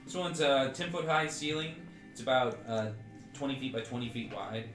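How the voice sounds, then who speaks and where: A man's voice: medium pitch, normal speed, fairly bright tone, faint music behind. A man narrating a tabletop game as game master, speaking casually and rambling, with many fillers. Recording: echoey room recording.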